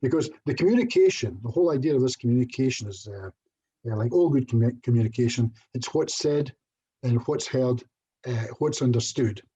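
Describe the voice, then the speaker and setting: A man's voice: mid-range voice, lively intonation, a little fast, dark tone, breathy edge. A middle-aged Scottish man giving a casual online presentation as a hypnotherapist, chatty and self-deprecating, with little jokes. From Scotland.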